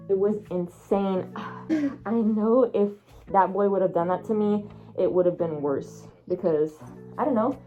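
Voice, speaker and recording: A young woman telling a story in a casual vlog, animated, acting out what people said with big jumps in her voice. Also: dull audio. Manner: animated, acts out quotes with big pitch jumps. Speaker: storyteller vlogger.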